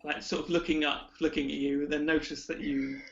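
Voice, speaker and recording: A man narrating a tabletop game as game master, slowly and with many fillers. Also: on the high side, flat delivery, echoey room. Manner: slow, filler-heavy narration. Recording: dull lo-fi recording.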